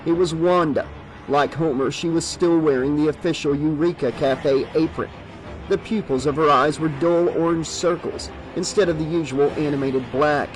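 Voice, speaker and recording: Male horror audiobook narrator, measured and steady, slightly high-pitched. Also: faint music behind, low-quality recording.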